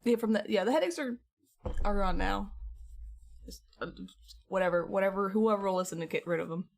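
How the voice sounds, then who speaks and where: A woman's voice: medium pitch, a little fast, gravelly. A woman streamer chatting casually with her viewers from home, rambling along and laughing often.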